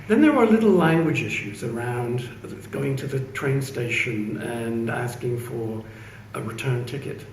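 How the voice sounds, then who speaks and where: A middle-aged man with an English accent, telling anecdotes in a measured, wry, reserved way during an opening speech. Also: medium pitch, a little mellow. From England. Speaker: speaker. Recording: echoey room from a distance, faint hum.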